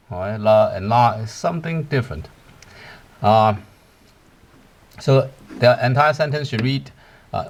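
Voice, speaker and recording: A man teaching words in English, explaining step by step, slowing down on each word and asking "right?" to check the listener is following. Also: medium pitch, slight background noise. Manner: slows to spell out Cantonese words. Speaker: Cantonese teacher. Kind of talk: language lesson.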